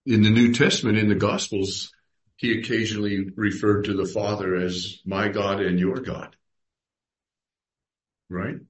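A man's voice: fairly low pitch, flat delivery, slight background noise. A man leading a Bible study, reading verses aloud and putting questions to his group. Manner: unhurried, reads scripture aloud and asks the group questions.

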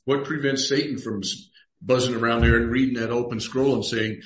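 A man's voice: medium pitch, fairly even intonation, a little fast, a bit bright. A man pastor teaches a Bible study in an easygoing, conversational way. He reads scripture aloud and acts out the people in the passages. His voice rings with a roomy echo. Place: church room.

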